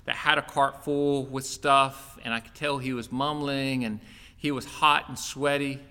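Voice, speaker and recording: A pastor preaches to his congregation, and his bright, forward voice carries through the church. His delivery is earnest and conversational, like someone telling a personal story. Long reverb from the worship hall trails behind each phrase. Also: mid-range voice, fairly even intonation, a little slow, smooth. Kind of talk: sermon.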